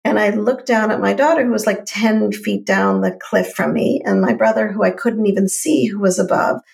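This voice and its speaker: A middle-aged woman co-hosting a podcast, telling a personal story in an animated, conversational way. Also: mid-range voice, vocal fry. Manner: animated, lively storyteller with quick affirmations. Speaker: podcast co-host.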